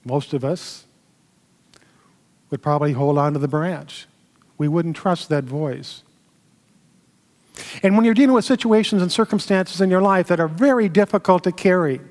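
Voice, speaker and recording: A man minister giving a sermon, telling a story in a slow, measured way with pauses. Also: high-pitched. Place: temple sanctuary. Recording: long hall reverb.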